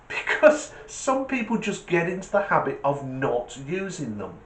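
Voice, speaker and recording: A man, hosting his channel with a casual rant and a joke, acting out the voices as he goes. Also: on the high side. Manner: lively storyteller acting out voices. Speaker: channel host. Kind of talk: casual monologue and joke telling. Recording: echoey room.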